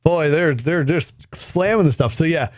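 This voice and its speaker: A man's voice: a little high, moderate pace, darkish tone, no room sound, studio quality. A man co-hosting a podcast, telling a shared story in a playful, laughing way. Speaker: podcast co-host. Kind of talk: casual storytelling chat.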